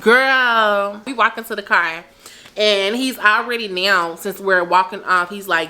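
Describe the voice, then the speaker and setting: A young woman with a bright, forward voice tells a story to her camera in loose, chatty vlog talk. Her voice leaps upward whenever she stresses a point, then settles back into easy conversation. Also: unhurried. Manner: animated, chatty, swoops up in pitch for emphasis. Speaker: vlogger. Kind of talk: casual storytime chat.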